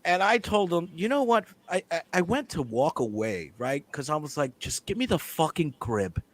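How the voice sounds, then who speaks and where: A man's voice: fairly high pitch, moderate pace. Man telling a profane story. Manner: animated, profane, acts out the dialogue. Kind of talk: casual storytelling among friends.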